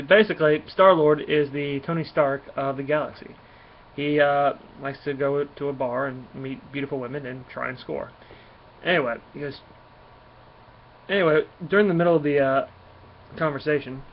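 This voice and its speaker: A man's voice: fairly high pitch, steady tone, normal speed, pauses often. A man giving a casual comic book review, rambling as he retells the plot and reads out the dialogue. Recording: dull lo-fi sound with faint hiss.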